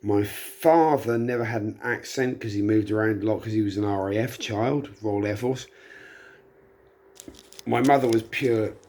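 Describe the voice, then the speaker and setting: Having had a few drinks, this middle-aged man talks in a fairly low, darkish voice at a moderate pace. His vlog is a loose, chatty monologue where he pokes fun at himself.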